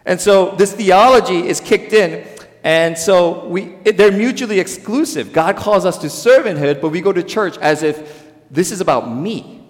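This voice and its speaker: A Korean-born man preaching a sermon as a pastor, with emphatic stresses that fall into quiet, low endings, and quoted voices acted out in dialogue. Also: normal speed, in a large hall. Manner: emphatic, swings between loud stresses and quiet drops.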